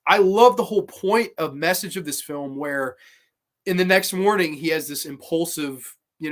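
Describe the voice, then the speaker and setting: Guy with a bit of a high voice rambling about a movie he loves, earnest, swears now and then. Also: normal speed. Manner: rambling, heartfelt, with frequent restarts and swearing. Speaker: movie review channel host. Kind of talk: casual spoken movie commentary.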